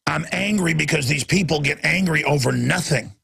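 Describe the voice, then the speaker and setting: A man hosting a radio talk show, ranting angrily and breaking into shouts, with a gravelly, husky voice. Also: fairly high pitch, lively intonation, moderate pace, pauses often. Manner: angry, shouting in bursts, then weary and apologetic. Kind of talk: ranting monologue.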